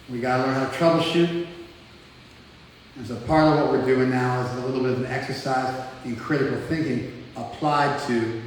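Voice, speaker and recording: American guy lecturing a class, joky and loose, lots of "like", far off mic in a roomy hall with faint hum. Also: medium pitch. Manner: joking, teasing, conversational with frequent "like". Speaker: spiritual teacher. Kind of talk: casual lecture to a live class. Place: class room in front of a group.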